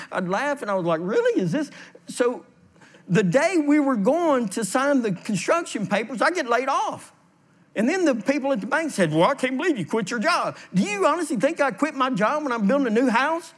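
A man's voice: extremely high pitch, moderate pace. A man, a pastor preaching a sermon, telling a personal story with laughter and then reading scripture aloud and explaining it. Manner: storytelling, animated, laughs at his own story.

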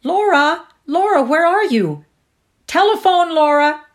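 A woman reading aloud, voicing an excitable young woman who gushes in a high, bright voice. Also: a little slow. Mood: calling.

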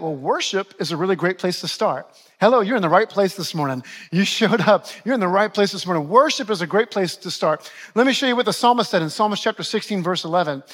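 High-voiced pastor preaching. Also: male voice, fairly bright tone. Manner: preaching with repeated phrases and questions to the congregation. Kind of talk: sermon.

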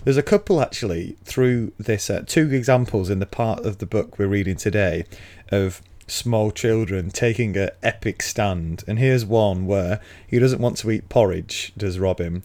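A man co-hosting a casual book podcast, relaxed and chuckling as he recaps the story. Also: fairly low pitch, moderate pace, hardly any pauses. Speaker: podcast co-host.

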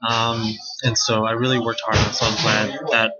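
A man's voice: lowish voice, level tone, moderate pace, lo-fi sound, loud music behind the voice. A man talking casually on his own, rambling and chatty with lots of filler words and slang. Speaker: wedding guest recounting his sister's wedding. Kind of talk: casual solo monologue.

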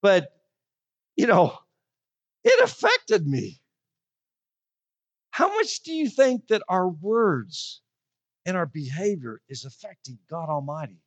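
Lively woman preaching a sermon. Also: fairly low pitch, lo-fi sound. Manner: animated storytelling, slows down for emphasis.

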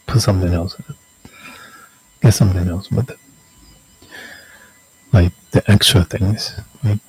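A man casually signing off his weekly videos in a slow, meandering, self-mocking way, joking that he can't stop sounding sarcastic. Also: lowish voice, creaky, warm tone, husky, dry recording, low-quality recording. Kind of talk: rambling casual sign-off.

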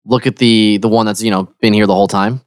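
A man's voice: on the low side, fast, no echo, clean studio sound. A man playing a tabletop game in casual chat, adding up his damage rolls aloud. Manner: relaxed, counts damage aloud. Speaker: player.

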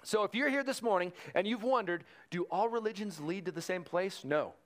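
A male pastor preaching a conversational sermon, slowing down to stress key phrases. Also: high-pitched. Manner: conversational preaching with fillers and restarts, slowing for emphasis.

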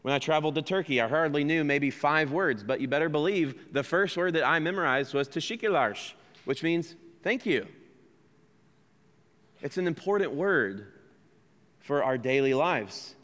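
A man's voice: a little high, lively intonation, normal speed, a bit bright, in a large hall. An American man preaching a sermon as pastor, earnest and conversational, asking his listeners questions and poking fun at himself. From United States. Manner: earnest, conversational preaching with rhetorical questions and self-deprecating asides. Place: church sanctuary.

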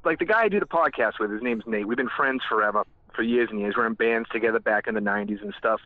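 A man's voice: on the low side, fast, phone-quality sound. A man with a New England accent, a guest podcaster chatting casually, joking and rambling. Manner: joking, rambling, swears freely. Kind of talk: casual chat. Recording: remote call line.

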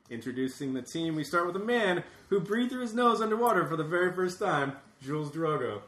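Podcast host, man, jokey and quick to laugh, bright tone in an echoey room. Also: fairly high pitch, expressive, faint music behind. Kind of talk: casual podcast banter, reading intros.

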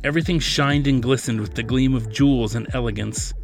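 A man, the author, narrating his science fiction novel as a scripted reading in a steady storytelling manner. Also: mid-range voice, fairly quick, gravelly, faint music behind. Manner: steady storytelling, plays character lines lightly.

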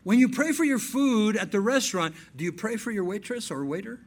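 A male pastor preaching a sermon, animated, telling stories and acting out dialogue. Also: sits high, brisk, breathy edge.

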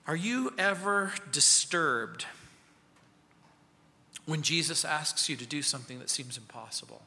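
A male pastor preaching an expository sermon, acting out quoted voices and dropping to soft, quiet lines for emphasis. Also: on the high side, animated, a little slow, gravelly. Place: church sanctuary. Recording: long church reverb.

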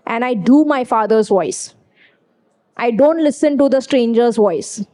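A woman's voice: a little high, measured pace, mellow. A woman preaching a sermon, emphatic and repeating key phrases, weaving in personal stories.

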